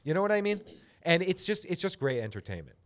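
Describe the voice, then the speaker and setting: Male podcast host, slightly high, animated delivery, self-mocking swagger, loud guitar bed. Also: quick pace. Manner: rambling, joking, self-mocking bravado. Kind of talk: comedic casual chat. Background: guitar music.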